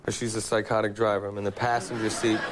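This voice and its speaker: A man guesting on a talk show, telling casual stories in a relaxed way. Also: fairly low pitch, quick pace, background noise. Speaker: actor guest. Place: TV studio.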